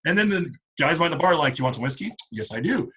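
Husky man rambling through an old story. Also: fairly high pitch, racing, low-quality recording. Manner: rambling anecdotes with lots of "like"; acts out friends' lines in animated voices. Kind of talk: casual storytelling among old friends.

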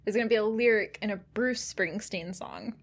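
A woman's voice: mid-range voice, moderate pace, breathy edge. A woman co-hosting a podcast in casual chat, joking and riffing on silly theories about a movie. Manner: jokey, riffs on silly theories. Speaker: podcast co-host.

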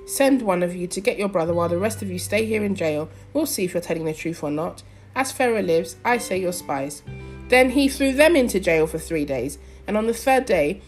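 A young adult woman preaching, praying earnestly with pauses and reading scripture aloud. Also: on the low side, a little mellow. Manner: earnest, fervent prayer with pauses and fillers.

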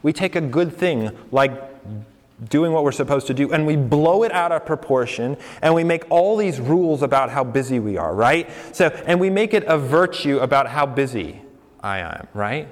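A man's voice: on the high side, expressive, normal speed. A young man preaching a sermon in a conversational way, asking the congregation questions and laughing along with them. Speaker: pastor. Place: church hall with congregation. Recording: long hall reverb.

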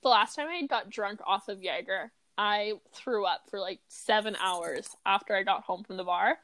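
A woman's voice: medium pitch, moderate pace, a bit bright. A young woman, co-hosting a podcast in giggly, teasing casual chat full of fillers. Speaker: podcast co-host.

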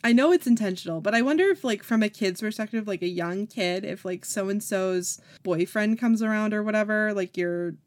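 A woman co-hosting a casual podcast, chatty and upbeat. She muses out loud, trailing through her thoughts, and her voice sits at a middling pitch for a woman. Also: normal speed, few pauses. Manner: upbeat, chatty, thinks aloud with many "like"s. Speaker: podcast co-host. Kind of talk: casual chat.

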